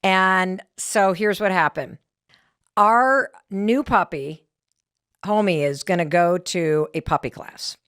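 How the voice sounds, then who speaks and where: A middle-aged woman podcast host telling a story in a casual, animated, self-deprecating way. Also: fairly low pitch, dry recording, studio quality. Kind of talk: casual talk to listeners.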